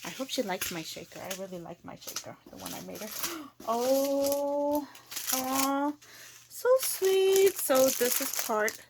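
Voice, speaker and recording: This crafting host chats casually with viewers while opening craft mail inside, gushing and exclaiming over everything she unwraps. Her voice runs a little high, and there's some faint hiss or hum.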